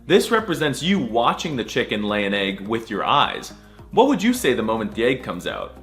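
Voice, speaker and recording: Goofy man with a lively voice. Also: mid-range voice, faint music behind. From United States. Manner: goofy, crude, mock-outraged, drawn-out letter sounds. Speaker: comedic language explainer. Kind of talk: comedic scripted voice-over.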